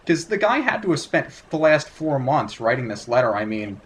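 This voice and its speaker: A man hosting a let's play, giving chatty, self-mocking, excitable video game commentary. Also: medium pitch, moderate pace, a little hiss or hum.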